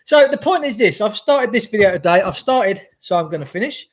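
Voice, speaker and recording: A man's voice: high-pitched, sing-song, a little fast. A middle-aged man talking casually from home by a log burner, greeting viewers and ranting with passion. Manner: chatty, greets viewers, impassioned. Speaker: vlogger. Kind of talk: casual livestream rant.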